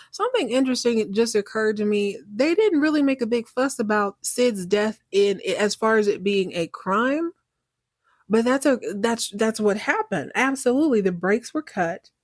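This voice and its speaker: A woman's voice: medium pitch, dry recording, clean studio sound. Chatty, opinionated woman podcaster. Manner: chatty and opinionated, acts out characters' lines, laughs and reacts loudly. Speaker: podcast host recapping a TV series. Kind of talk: casual chat.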